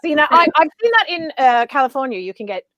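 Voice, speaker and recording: A woman's voice: high voice, very animated, fast, dull audio, crowd noise. A young woman chatting casually as a podcast co-host, telling stories with lots of fillers and restarts. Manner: rambling storyteller with many fillers and restarts. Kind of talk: casual chat.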